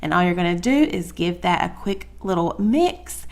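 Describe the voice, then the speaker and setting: Talking to "y'all" in a chatty, folksy style, this woman with a Southern US accent walks viewers through a relaxed cooking lesson in her home kitchen. She speaks at a moderate pace in a fairly low, expressive voice.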